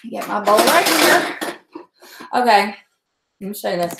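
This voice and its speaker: A woman's voice: medium pitch, expressive, a little slow, vocal fry, very noisy. A middle-aged woman, chatting salty and laughing often while she hosts a cooking livestream. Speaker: host. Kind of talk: casual livestream chat. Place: home kitchen. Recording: echoey room.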